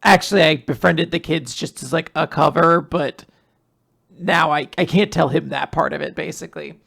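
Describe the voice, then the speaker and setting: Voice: medium pitch, moderate pace, creaky, a bit bright. A podcast host reading out the lines of a sly young female thief in a coy, teasing way.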